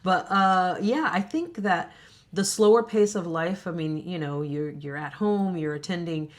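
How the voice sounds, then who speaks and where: A woman's voice: on the low side, a little slow. A woman co-hosting a travel vlog, chatting casually to the camera and laughing often between her phrases. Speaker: co-host of a retirement travel channel.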